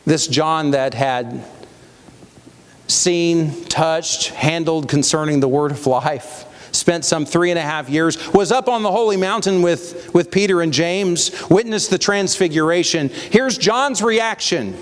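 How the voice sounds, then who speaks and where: A man preaching to his congregation in a church hall, his fairly high voice trailing off in a long hall reverb. He slows down and lifts his voice when reading scripture, then speaks plainly and directly to the people. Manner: reads scripture slowly with rising emphasis, then talks plainly to the congregation. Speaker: pastor. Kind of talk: sermon.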